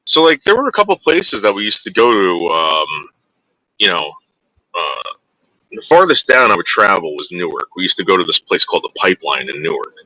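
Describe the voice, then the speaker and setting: A man's voice: low-pitched, very animated, a little fast, pushed and bright, no echo, poor audio. A man in his forties from northern New Jersey, casually telling rambling, profane stories to his viewers and acting out what people said. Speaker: vlogger.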